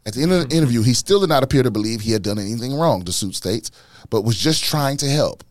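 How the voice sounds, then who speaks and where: A man hosting a casual podcast, ranting in a profane, animated way and repeating himself as he gets worked up. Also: mid-range voice, quick pace, no room sound, clean studio sound. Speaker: podcast host, comedian.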